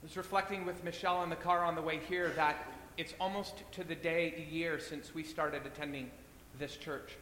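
Bright-voiced man preaching in an echoey hall. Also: flat delivery, moderate pace, few pauses. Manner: earnest, repeating phrases for weight. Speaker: pastor. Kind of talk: sermon. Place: church. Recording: echoey church hall, faint rumble.

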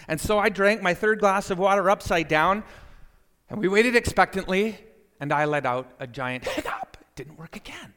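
A man telling a personal story to listeners, animated and speaking to them directly. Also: sits high, big-room sound. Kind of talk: storytelling talk.

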